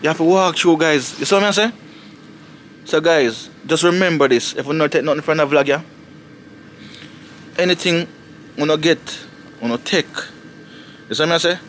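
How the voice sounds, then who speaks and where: A man's voice: on the high side, moderate pace, pauses often, a little hiss or hum. Jamaican man vlogging outside in the snow. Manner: animated, repetitive, preaching tone with patois. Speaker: family vlogger. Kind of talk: casual vlog talk to camera. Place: outdoors in the snow.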